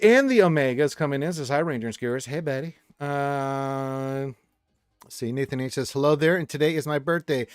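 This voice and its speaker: A man hosting a relaxed gaming livestream, reading out viewer messages with joking asides. His voice sits close and dry on the mic, with faint music underneath. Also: a little high, normal speed, smooth, no room sound. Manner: reads viewer chat aloud with playful asides; drops into a growly pirate voice. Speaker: livestream host. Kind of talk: casual gaming livestream chat.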